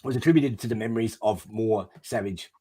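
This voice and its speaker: A man co-hosting a podcast, reading a text aloud haltingly in casual chat. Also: on the low side, darkish tone, husky, dry recording. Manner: reads text aloud haltingly, stumbling over words. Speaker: podcast co-host.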